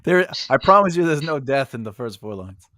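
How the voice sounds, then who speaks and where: A man's voice: medium pitch, sing-song, a little fast, bright, forceful tone, no echo. Joking man on a dry video call. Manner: joking and self-deprecating, laughs a lot. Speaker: guest writer. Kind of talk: casual chat on a video call.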